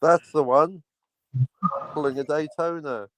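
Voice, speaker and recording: A man's voice: a little high, measured pace, a bit bright, slight background noise. A man chatting as a guest on a livestream panel, joking around and playing with put-on accents. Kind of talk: casual chat.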